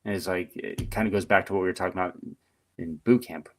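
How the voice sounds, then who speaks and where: A middle-aged man with a fairly low voice tells stories from his service years as a podcast guest. His delivery is chatty and animated, loose with fillers. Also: fast, a little hiss or hum. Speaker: podcast guest, retired Marine. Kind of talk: casual storytelling interview.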